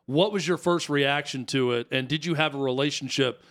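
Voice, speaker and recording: A man's voice: medium pitch, normal speed, fairly bright tone. A man co-hosting a studio talk show, asking a guest long, curious questions. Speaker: co-host. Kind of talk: radio talk show interview. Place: radio studio.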